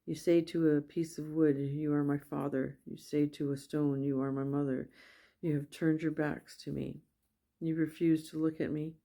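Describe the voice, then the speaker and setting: A woman reading scripture aloud at a steady pace, with small slips and self-corrections. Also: sits low, moderate pace. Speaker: Bible reader.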